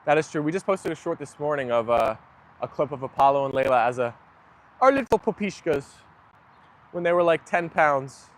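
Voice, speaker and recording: Brisk and mid-range in voice, a young man hosts a livestream where he chats casually and takes viewer comments as they appear. His manner is relaxed and talkative, with plenty of agreement toward viewers.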